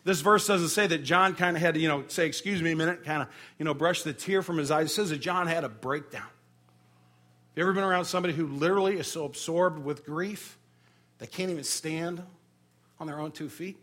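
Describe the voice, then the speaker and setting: High-voiced emotional man preaching. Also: a little fast, a bit bright. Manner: emotional, conversational with humor and restarts. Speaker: pastor. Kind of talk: sermon.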